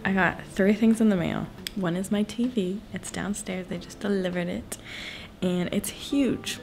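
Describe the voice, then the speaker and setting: A young woman chatting casually to camera at home in a lifestyle vlog, bubbly and excitable. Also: medium pitch, a little slow, vocal fry, faint music behind. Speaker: lifestyle vlogger. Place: at home in her room.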